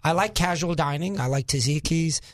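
Radio co-host, man from New York, high voice, opinionated banter. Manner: opinionated, quick to disagree.

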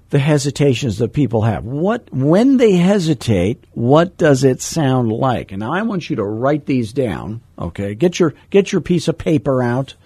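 A middle-aged man coaching real estate agents, telling a story in an animated, self-deprecating way and adding sound effects. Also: mid-range voice, husky, no room sound, clean studio sound. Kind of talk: storytelling teaching talk.

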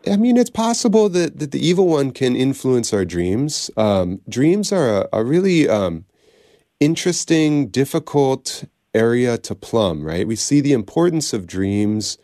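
A man hosting a call-in radio show, slightly under the weather, answering callers in a lively way with many restarts. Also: medium pitch, unhurried, no room sound, clean studio sound. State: slightly ill, recovering cold. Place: radio studio.

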